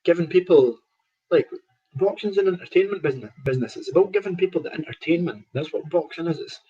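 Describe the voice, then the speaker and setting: A Scottish man with a husky, breathy voice talks through his stories casually. He acts out other people's lines and laughs often. The recording sounds dull and lo-fi. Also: a little high, quick pace. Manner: animated anecdotes with quoted dialogue, laughs often. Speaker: professional boxer, guest. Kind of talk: casual storytelling interview.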